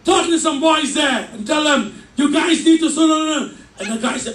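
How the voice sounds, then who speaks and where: A man preaching a fervent sermon in a church, shouting his points with call and response. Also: extremely high pitch, a little fast, background noise. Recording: echoey church mic from far off.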